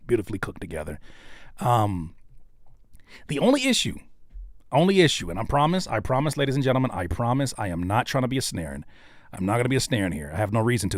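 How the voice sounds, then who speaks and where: Animated man giving live music feedback. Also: sits low, no room sound, clean studio sound. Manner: animated, joking, swings from hushed to loud. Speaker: host reacting to viewer music. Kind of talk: live-stream casual commentary.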